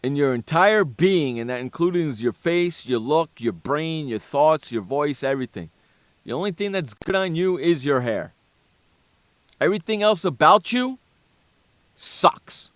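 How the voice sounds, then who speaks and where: A man co-hosting a sports radio show, ranting and hurling mock insults in bursts of loud scorn. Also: a little high, animated, moderate pace, no echo. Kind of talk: comedic sports talk rant.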